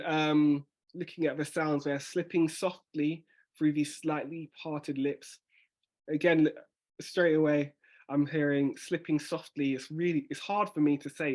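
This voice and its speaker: A man, a spoken word poet, casually teaching a workshop and thinking aloud as he reads out and reworks his own lines. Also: a little high.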